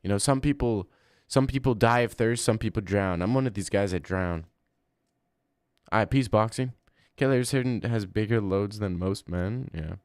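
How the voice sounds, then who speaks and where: A young man on a casual livestream who trades crude, deadpan jabs with his chat. His voice sits a bit low and comes through smooth and clear. It is close to a desk mic in a dry room. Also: normal speed, no room sound.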